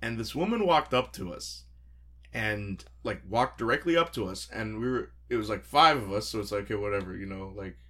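A man, telling stories in a casual chat, animated and laughing as he acts out quotes. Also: on the low side, normal speed.

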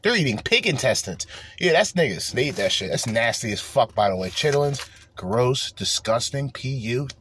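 A man's voice: mid-range voice, expressive, normal speed, a bit bright, a little hiss or hum. A man hosting a solo podcast, ranting profanely and breaking into mocking voices. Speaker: podcast host.

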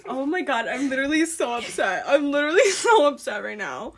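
A young-sounding woman with a high, swooping voice, co-hosting a casual podcast chat. She talks dramatically, piles on "literally", and breaks into laughter. Steady hiss runs under the recording. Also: a little fast. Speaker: podcast co-host.

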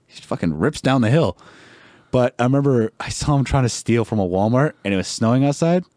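A young man telling animated stories as a podcast guest, swearing freely and laughing often. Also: mid-range voice, dry recording, clean studio sound. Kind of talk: casual podcast chat.

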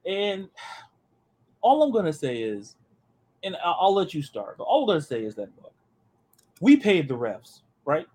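A man hosting a sports podcast, talking in an animated, joking way and often repeating his words. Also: sits high, normal speed, long pauses. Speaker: podcast host. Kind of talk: casual sports chat.

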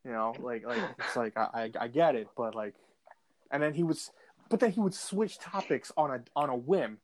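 A man's voice: medium pitch, moderate pace. A man chatting casually on a podcast, rambling with lots of fillers and restarts and slipping into voices. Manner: does voices and impressions. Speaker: podcast co-host. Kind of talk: casual chat.

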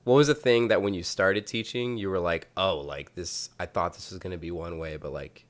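A man's voice: low voice, brisk. A man, a teacher hosting a podcast, asking hesitant, rambling questions in casual chat.

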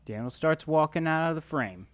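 Reader for sketch directions, measured, mid-pitched. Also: lively intonation, no room sound. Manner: measured narration. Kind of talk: reading stage directions.

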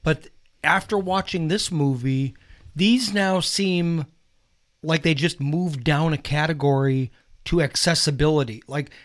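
A man hosting a casual film discussion, leading the talk and giving emphatic opinions. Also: a little high. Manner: leads the talk, emphatic, quick to give opinions. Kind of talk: casual chat.

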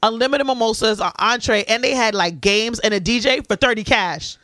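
A woman's voice: on the high side, a little fast, a bit bright, no echo. A woman co-hosting a casual podcast, telling a profane story and acting out everyone's lines. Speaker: podcast co-host.

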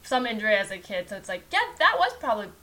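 A woman's voice: medium pitch, very animated, quick pace, pushed and bright. A woman in casual chat who laughs easily, gasps at the story, and acts out voices in her own anecdotes.

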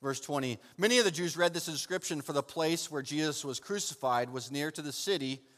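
A man preaching a sermon and reading from the Bible, swinging between loud fervent passages and hushed soft ones, and calling his listeners "saint". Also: on the high side, brisk. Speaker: pastor. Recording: long hall reverb.

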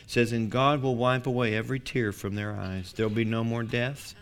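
A man's voice: mid-range voice, flat delivery, a little fast, a little hiss or hum. A man preaching a sermon as pastor, building to emphatic declarations.

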